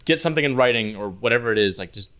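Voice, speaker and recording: A man co-hosts a laid-back podcast and rambles through his stories in a casual chat. He leans on "like" and drops swear words freely. His voice sits at an ordinary middle pitch. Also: animated, racing, fairly bright tone. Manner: loose, swearing storyteller, heavy use of "like". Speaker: podcast co-host.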